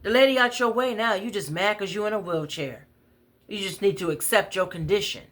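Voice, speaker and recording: A woman voicing a bold, protective woman in her forties who talks back loudly and curses. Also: medium pitch, voice pushed up, close to an everyday voice. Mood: fierce. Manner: loud, brash, cursing, fast.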